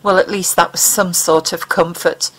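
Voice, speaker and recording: A woman's voice: lowish voice, steady tone, moderate pace, a bit bright, breathy edge, rough recording. A woman narrating a dramatic audiobook. She reads with expression, pressing into the tense passages and inner thoughts of the story. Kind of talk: dramatic fiction reading.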